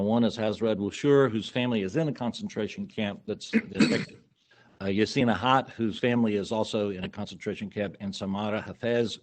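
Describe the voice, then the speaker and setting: A county commissioner reads a formal resolution aloud in a lowish voice. He pauses and hedges with fillers, then settles into a steady official cadence. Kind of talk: formal resolution reading at a public meeting.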